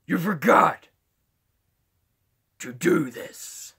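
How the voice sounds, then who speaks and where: A man playing a bossy masked father who yells commands at his son in a high, strained voice. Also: lively intonation, very slow, creaky, slightly rough, heavily acted.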